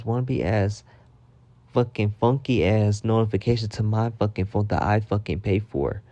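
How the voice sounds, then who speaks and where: A man telling a storytime vlog in a casual, profane, animated rant, repeating himself for emphasis. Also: on the low side, unhurried, no room sound. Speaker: vlogger.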